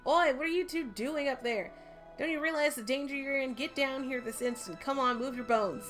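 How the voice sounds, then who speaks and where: A woman voicing a gruff, suspicious skeleton guard in a video game, barking stern orders in a deepened voice. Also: normal speed, a bit bright, soft background music.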